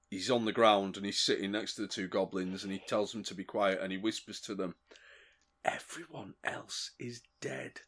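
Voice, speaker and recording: A man playing in a tabletop game, narrating his character's actions with stumbles and restarts. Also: on the low side. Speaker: player. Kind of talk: tabletop role-play chat.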